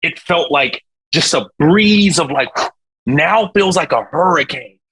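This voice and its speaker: A young man with a husky, fairly high voice, talking as a guest on a casual interview show. He tells his story in a lively, slangy way and throws in sound effects. The feel is loose and conversational. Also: a little slow, low-quality recording. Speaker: guest, singer.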